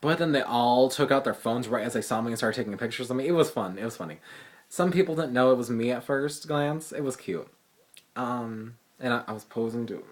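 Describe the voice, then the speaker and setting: A teenage boy telling a story to his phone camera in a fast, profane, sassy ramble full of fillers. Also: medium pitch. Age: teens. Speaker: vlogger. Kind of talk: casual storytelling vlog.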